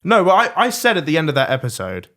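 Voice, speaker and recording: A man's voice: fairly high pitch, huge pitch swings, fast talker, a bit bright. A man co-hosting a podcast, bragging and joking crudely in casual banter. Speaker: podcast co-host.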